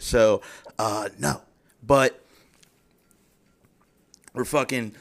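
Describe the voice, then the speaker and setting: A man's voice: medium pitch, fairly bright tone. A man in his thirties hosting a podcast, ranting heatedly and swearing constantly, with frequent restarts. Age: 30s. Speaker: podcast host. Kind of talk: profane casual rant.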